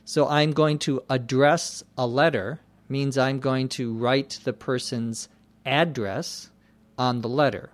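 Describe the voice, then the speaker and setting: A man teaching English in an unhurried, measured lesson, spelling each new word out letter by letter. His pitch sits in an ordinary middle range. The sound is dry and close, with no room around it. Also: no echo. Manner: spells out words letter by letter, careful and deliberate. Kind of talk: slow explanatory lesson.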